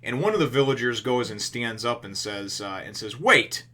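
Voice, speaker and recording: A man reviews a comic chapter on his channel in a casual chat, his mid-range voice moderately paced and fairly bright. He rambles with many fillers and restarts and swears without holding back.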